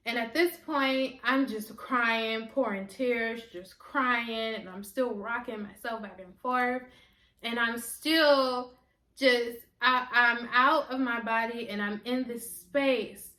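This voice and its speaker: A woman's voice: on the high side, a bit bright. A woman, a holistic healer from the United States, telling a personal spiritual story in an earnest, emotional way with lots of repetition. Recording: echoey room.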